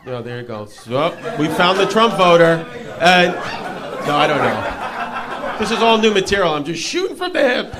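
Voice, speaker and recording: A man doing a stand-up set on a club stage, rambling through stories and bantering with the audience in a self-mocking way. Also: high-pitched. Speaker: stand-up comedian. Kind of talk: stand-up set with crowd work. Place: comedy club stage before a laughing crowd. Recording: live club audio with crowd laughter and noise.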